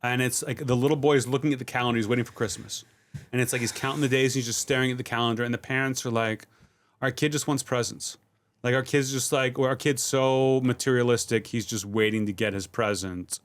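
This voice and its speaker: A middle-aged man speaks at an ordinary, middling pitch. He is a comedian and a podcast guest, telling his stories in a loose, relaxed way with plenty of fillers. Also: brisk. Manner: relaxed, rambling storytelling with many fillers. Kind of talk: casual podcast chat.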